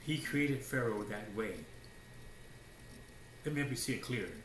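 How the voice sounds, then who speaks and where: A man preaching a sermon in a casual, slangy way, swinging between hushed asides and loud declarations with many rhetorical questions. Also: mid-range voice, expressive, normal speed, a little hiss or hum. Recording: roomy echo.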